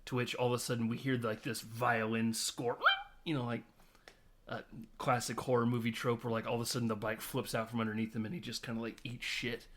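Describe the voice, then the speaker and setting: A man chatting through a film plot on a podcast, full of fillers and quick asides. His voice sits at an ordinary middle pitch. He acts out the characters' lines in passing. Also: flat delivery, slight background noise. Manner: rambling retelling with many fillers and acted-out quotes. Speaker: podcast co-host. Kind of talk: casual film discussion.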